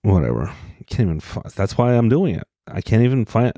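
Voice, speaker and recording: Male podcast host from Utah, low voice, mellow tone, rambling self-deprecating comedy monologue, dry close sound. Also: big pitch swings, a little fast, no echo.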